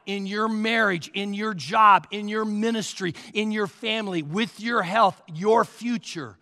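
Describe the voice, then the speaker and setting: Male pastor preaching slow and emphatic, bright edgy voice, long echo like a big church. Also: high-pitched, gravelly. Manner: emphatic preaching, urging listeners to take notes. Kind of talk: sermon.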